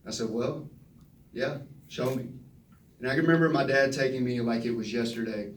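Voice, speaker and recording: Man, thirties, folksy animated storyteller, echoey room, distant mic. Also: medium pitch, normal speed. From Texas. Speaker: retiring football player at press conference. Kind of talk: storytelling speech. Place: press conference room. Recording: roomy echo from a distant mic.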